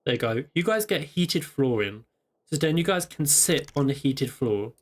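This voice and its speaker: A man's voice: a little high, lively intonation, moderate pace. Playful, teasing male game streamer. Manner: playful, teasing, repeats himself. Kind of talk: casual gameplay stream chat.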